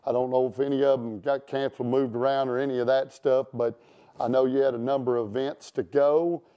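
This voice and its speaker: A man hosts a casual interview and rambles through it with plenty of fillers and restarts. His voice is warm and mellow, with a smooth, clear tone. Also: mid-range voice, level tone, brisk. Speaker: show host.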